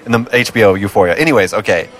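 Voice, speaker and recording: A man's voice: fairly low pitch, very fast, fairly bright tone, slight background noise. A man co-hosting a casual chat, teasing and riffing on the joke. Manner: laughs often, teasing, riffs on the joke. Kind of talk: casual banter.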